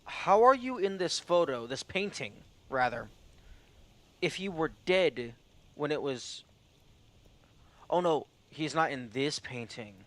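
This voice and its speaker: A man's voice: on the high side, expressive, slow, pauses often, a bit bright. A man streaming a mystery puzzle game, thinking aloud in casual muttered commentary with the odd swear. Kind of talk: let's play commentary.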